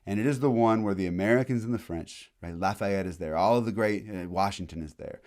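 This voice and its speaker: A man giving a casual, animated history lecture, full of slang and quick acted-out asides. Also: on the low side.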